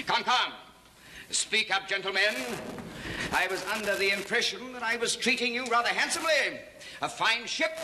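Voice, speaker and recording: A pompous snobbish ship captain. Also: male voice, high-pitched, pushed and bright, slight background noise, heavily acted, poor audio. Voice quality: pompous, commanding, blustering. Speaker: comedy sketch actor. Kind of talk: 1960s TV sketch comedy.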